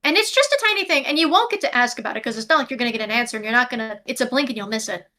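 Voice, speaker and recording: A woman's voice: on the high side, expressive, rapid-fire, bright, forceful tone. A woman narrating a tabletop game as game master over a video call, descriptive and prone to self-corrections.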